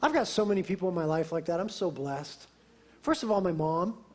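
A man with an unusually high voice delivers a sermon as a pastor. He preaches with lively emphasis and drops into an easy, conversational aside now and then. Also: fairly quick.

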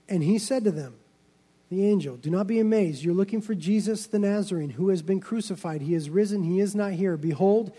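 Pastor guy preaching, high voice, goes loud and emphatic then quiet, lots of hall echo. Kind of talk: sermon. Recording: long reverb of a large hall.

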